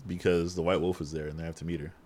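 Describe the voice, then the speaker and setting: A man's voice: sits low, little pitch movement, a little mellow. A man co-hosting a casual movie recap chat, joking as he walks through the plot. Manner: quick, joking, drives the plot summary. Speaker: podcast co-host.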